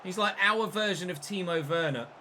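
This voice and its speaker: A man commenting casually on his own football video game career, chatty and excitable, with mild swearing. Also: sits high, moderate pace, a little hiss or hum. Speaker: gaming YouTuber.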